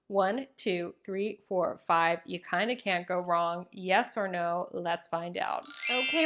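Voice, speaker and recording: A woman's voice: medium pitch, a bit bright. A young woman hosting a casual tarot reading to camera, gushing and affectionate, with many ums and likes, recorded at home. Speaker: tarot reader and channel host.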